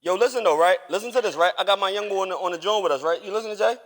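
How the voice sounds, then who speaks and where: A man's voice: sits high, racing, fairly bright tone. A man chatting casually while gaming on a live stream, rambling and teasing with lots of profanity. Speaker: streamer and father.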